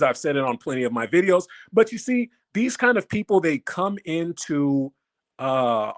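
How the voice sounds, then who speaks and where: A man hosting a livestream, talking casually to his chat in an animated, mocking way and throwing repeated questions at the audience. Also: fairly high pitch. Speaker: livestream host.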